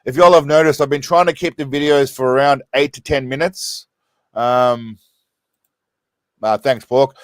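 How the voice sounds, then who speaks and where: A man's voice: mid-range voice, fairly even intonation, unhurried, pauses often, dry recording. An Australian man hosting a casual live stream from a small room, rambling and laughing as he thanks his viewers and keeps getting sidetracked.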